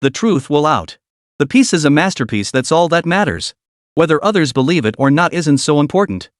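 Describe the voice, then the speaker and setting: A man voicing a calm, proud young father who talks in a reassuring way. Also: fairly high pitch, fairly quick, dry recording, studio quality, lightly acted.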